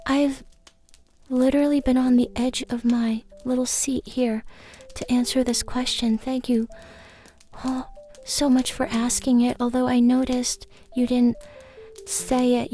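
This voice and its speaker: A woman's voice: on the high side, flat delivery, measured pace, mellow, faint music behind, voice pushed up, lightly acted. A woman voicing a small, fussy female garden fairy who lectures in a preachy, easily agitated, rambling way. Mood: eager. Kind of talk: comic character podcast chat.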